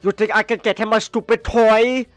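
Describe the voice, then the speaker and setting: A man's voice: high-pitched, little pitch movement, moderate pace, a bit bright, no room sound, faint music behind. A man voicing a worn-out, broke father who is exasperated and short-tempered.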